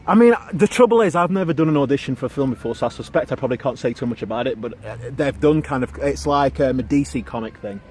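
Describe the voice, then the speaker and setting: Lively, jokey male vlogger outdoors. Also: medium pitch, quick pace, few pauses, a little hiss or hum. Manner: chatty, jokey and animated, laughs often. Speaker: YouTube presenter. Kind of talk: casual vlog chat. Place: outdoors in an urban park.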